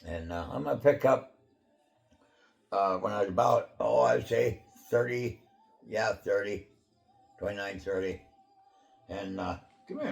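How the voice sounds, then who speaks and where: A man with a low, gravelly voice talks through his own life story as the host of his channel. He rambles casually, leaning on fillers and clearing his throat often. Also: unhurried, pauses often, soft background music. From Pacific Northwest of the USA.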